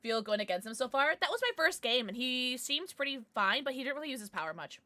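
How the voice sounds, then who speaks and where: A young woman livestreams a game from her home setup, chattering away to her viewers. Her voice sits a little high and sounds bright and crisp, with a lively, swooping delivery. She bursts into sharp shrieks whenever something startles her, then slides back into easygoing, apologetic chatter. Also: fast, no echo. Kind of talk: live gameplay commentary chatting with viewers.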